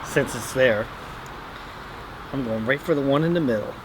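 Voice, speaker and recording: A man hosting a casual cooking show outdoors, walking through a recipe step by step in a relaxed way. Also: medium pitch, moderate pace, reverberant, noisy background. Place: outdoors, windy.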